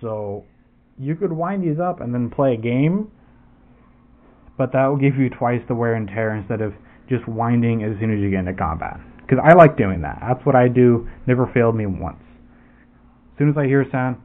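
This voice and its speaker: A man casually demoing airsoft gear, rambling and swearing with lots of restarts. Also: mid-range voice. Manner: rambling and profane, with frequent restarts. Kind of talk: casual product demo. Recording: tinny phone-like audio with faint noise.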